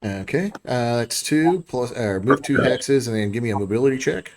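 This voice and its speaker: A man from the United States narrating as game master of a tabletop game, halting with many fillers. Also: medium pitch, animated, slight background noise. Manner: halting, many uh fillers, breaks into quick character voices.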